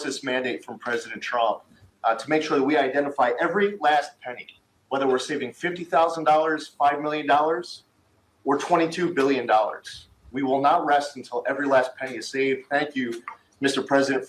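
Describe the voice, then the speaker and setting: A man's voice: medium pitch, a little fast, slight background noise. A man giving earnest, formal public remarks as a government official. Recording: echoey room, faint ambience.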